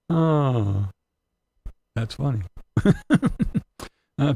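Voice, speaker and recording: A man's voice: fairly low pitch, vocal fry, mellow. A man hosting a casual livestream, reading comments aloud and ranting bluntly with profanity and chuckles. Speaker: livestream host.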